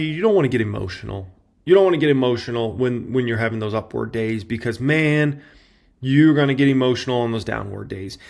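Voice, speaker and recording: A man in his thirties, a stock market commentator, talking casually to his viewers and often tossing in "like" and "right?". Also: medium pitch. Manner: conversational, filler-heavy with tag questions. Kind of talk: casual talk to camera.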